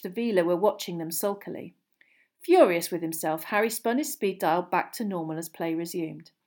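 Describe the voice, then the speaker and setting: A woman reading a storybook aloud in steady narration. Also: medium pitch. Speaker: audiobook reader.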